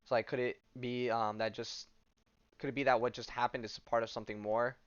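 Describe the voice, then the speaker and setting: A man hosting a podcast talks through a comic book plot in a loose, rambling way, full of "um" and "like." His voice is smooth and middle-pitched. The recording sounds dull and lo-fi. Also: level tone, a little fast. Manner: rambling, filler-heavy retelling with offhand asides. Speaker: podcast host. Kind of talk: casual comic recap.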